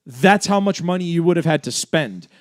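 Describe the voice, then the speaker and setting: A man hosting a casual livestream for a gun rights group works through viewer comments one by one. His voice is a little high for a man, and he speaks fast, energetically, and argumentatively, stuffing his points with fillers and quick asides.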